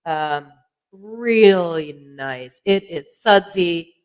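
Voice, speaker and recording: Chatty host with a smooth voice. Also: medium pitch, expressive, very slow, poor audio. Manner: chatty and rambling, with many fillers and self-corrections; sips a drink while talking. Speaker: podcast host reviewing beer. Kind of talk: casual chat to camera.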